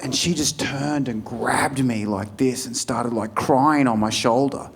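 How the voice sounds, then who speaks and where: A man's voice: medium pitch, unhurried, a little hiss or hum. An Australian man doing a stand-up set, swearing freely and acting out scenes from his stories. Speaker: stand-up comedian. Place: comedy club stage. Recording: live room with a laughing crowd.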